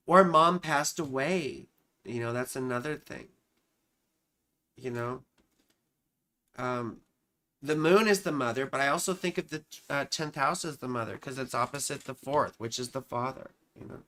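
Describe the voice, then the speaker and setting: Guy doing chart readings on a live stream at home, slow and gentle, keeps saying baby and sweetheart, swears a little. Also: medium pitch. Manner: soft-spoken and consoling, calls viewers baby and sweetheart, swears casually. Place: home, with a cat nearby.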